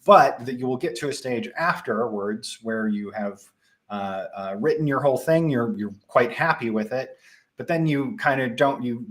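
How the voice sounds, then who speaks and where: A young man with a Midwestern accent, casually presenting a live software tutorial with frequent ums and restarts. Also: mid-range voice. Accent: Midwestern American.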